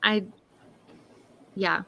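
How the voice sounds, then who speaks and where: A woman hosting a casual writing stream over a video call, chatting, laughing often, and reading her own prose slowly and softly.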